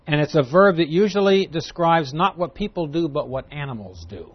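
A man teaching through a Bible passage to a class, lively and emphatic, reading verses aloud. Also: on the high side, moderate pace, breathy edge. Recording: dull lo-fi recording.

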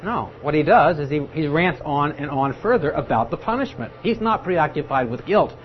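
A man's voice: a little high, expressive, normal speed, a little hiss or hum. A man teaching a Bible study, explaining patiently and now and then acting out the people he quotes. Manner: explanatory, acts out quoted speakers. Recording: dull lo-fi recording with faint ambience.

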